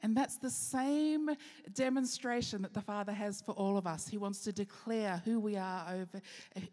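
A woman pastor giving an earnest sermon with rhetorical questions, slowing down for key phrases. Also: medium pitch, mellow. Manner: earnest preaching, rhetorical questions, slows for emphasis. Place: church hall. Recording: long hall reverb.

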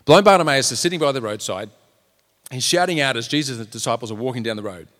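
A man of medium pitch preaches earnestly, his voice trailing into a long hall reverb. He leans into the story, raising his voice for the people in it. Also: quick pace, fairly bright tone. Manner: earnest, acts out quotes in raised voices. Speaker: pastor. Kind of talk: sermon.

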